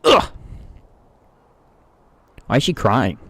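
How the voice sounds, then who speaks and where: A man's voice: mid-range voice, wildly swooping pitch, drawn-out words, vocal fry, a bit bright, dry recording. A man in casual let's-play commentary, joking, swearing and muttering reactions on a close microphone. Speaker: gaming streamer.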